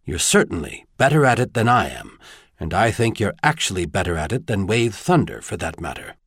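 A man's voice: lowish voice, sing-song, a little fast, a bit bright, slightly rough, no room sound, clean studio sound, heavily acted. A man voicing a tall, kindly advisor in an audiobook, earnest and lightly wry.

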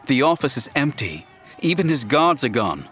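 Calm jedi woman from a man reader, matter-of-fact, lively, music underneath. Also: mid-range voice, moderate pace. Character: calm female Jedi master.

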